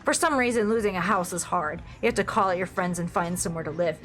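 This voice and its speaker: A woman reading a dark comic story aloud in a wry, deadpan manner. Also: lowish voice, quick pace. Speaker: story reader.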